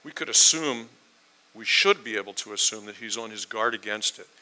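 An American male preacher, lively and questioning, with a sharp, very bright voice. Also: lowish voice, brisk, poor audio. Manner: animated, asks listeners questions, acts out quotes. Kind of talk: sermon, Bible teaching.

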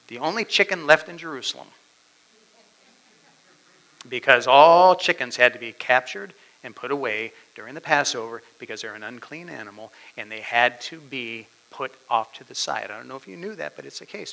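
A male preacher giving a dramatic sermon, swinging from loud declarations down to whispers. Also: medium pitch, animated, moderate pace, creaky, poor audio.

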